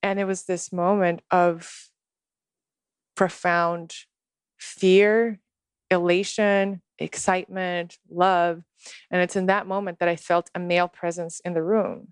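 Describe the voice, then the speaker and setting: A woman telling a personal spiritual story in conversation, earnest and unhurried. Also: fairly low pitch, little pitch movement, smooth, no echo.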